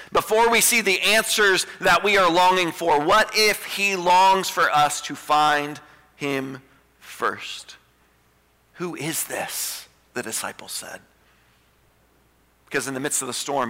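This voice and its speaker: A man in his thirties preaching a sermon as a pastor, repeating phrases and swinging between pleading high lines and hushed low ones. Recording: reverberant hall with soft music.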